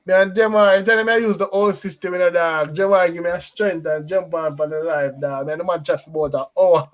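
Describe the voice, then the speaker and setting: High-voiced man hosting a stream. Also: fairly even intonation, fairly quick. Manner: Caribbean patois slang, shout-outs, laughing banter. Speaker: host of a football fan stream. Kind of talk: casual chat.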